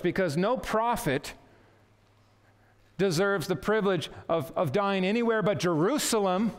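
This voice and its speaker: Man, pastor, earnest sermon, high-pitched, long echo of a church hall. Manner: earnest, emphatic preaching with quotes read aloud. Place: church sanctuary.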